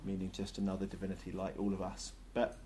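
A man leading an interactive Bible study, lively and jokey, asking the group questions. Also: low-pitched, fast talker, a little hiss or hum.

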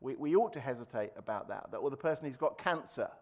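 A man's voice: mid-range voice, big pitch swings, quick pace, few pauses, highs cut off. A man preaching a sermon in a conversational way, with fillers and restarts, raising his voice to act out quoted lines. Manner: acts out quoted speech with raised voice.

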